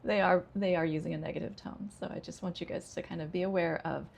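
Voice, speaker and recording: American woman, ESL teacher, slightly gravelly voice, slow exaggerated model sentences, faint background hiss. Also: on the low side, fairly even intonation, darkish tone. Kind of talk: pronunciation lesson.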